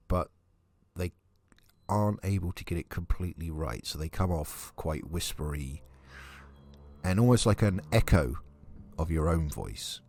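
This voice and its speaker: A man with a low voice narrates a tabletop game as dungeon master. He describes scenes in a calm, measured way, with the odd hesitant filler. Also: no echo.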